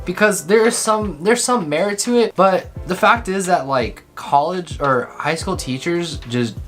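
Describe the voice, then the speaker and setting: A man's voice: sits high, a little slow, fairly bright tone, faint music behind. A young man chatting casually about college, rambling with lots of slang and fillers. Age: young adult. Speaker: college student vlogger. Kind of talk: casual chat.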